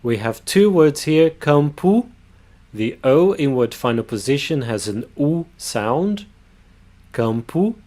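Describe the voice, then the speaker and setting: Guy teaching how to say words, slow and careful, middle voice. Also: medium pitch, animated, darkish tone. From Brazil. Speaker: language teacher. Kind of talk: pronunciation lesson.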